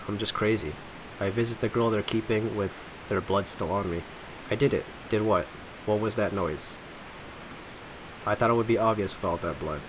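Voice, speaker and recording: Man, low voice, reads game dialogue aloud, dramatic with sarcastic asides, slight background noise. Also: moderate pace. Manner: dramatic reading mixed with wry asides. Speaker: let's play host.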